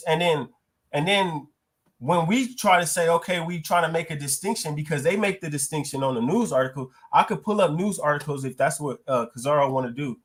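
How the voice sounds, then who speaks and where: A man's voice: fairly high pitch, normal speed. A man, arguing bluntly and profanely as a panelist in a heated debate. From United States.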